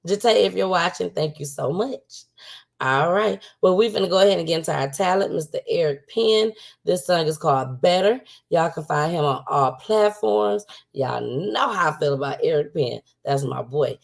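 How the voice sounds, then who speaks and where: A woman's voice: lowish voice, lively intonation, normal speed, vocal fry. A woman hosting a casual livestream talk show. She talks outspokenly and repeats points for emphasis.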